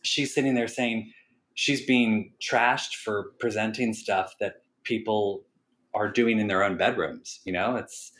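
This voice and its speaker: Man, podcast co-host, casual chat, lowish voice, enthusiastic. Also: steady tone, unhurried, a bit bright.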